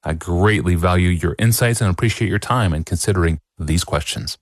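A man hosting a podcast, reading out a listener's question in a measured, earnest way. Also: sits low, no echo, studio quality. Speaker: podcast host.

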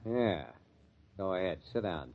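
An actor playing a sarcastic, tough-talking club owner in a 1940s radio drama. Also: male voice, low voice, expressive, measured pace. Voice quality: sneering, tough-guy slang. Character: gruff, sarcastic male club owner, middle-aged, bitter. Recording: muffled old radio recording.

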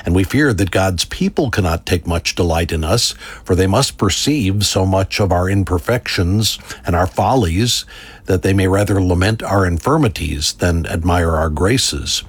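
A man giving a devotional reading in a solemn, measured way. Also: low voice, slightly rough. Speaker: preacher.

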